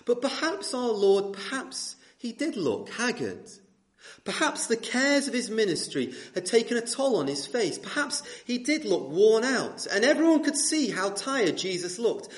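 Young guy preaching in a church hall, kinda high voice, swoops up and down a lot, asks the room questions. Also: a little slow. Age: 20s. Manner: lively, asks rhetorical questions, repeats phrases. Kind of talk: sermon.

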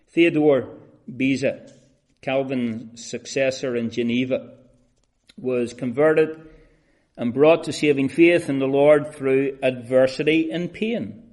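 Guy preaching a sermon, slow and deliberate, mid pitch, goes quiet then swells up loud. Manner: builds from soft, measured talk to loud, drawn-out emphasis; addresses listeners as "beloved" and "friends".

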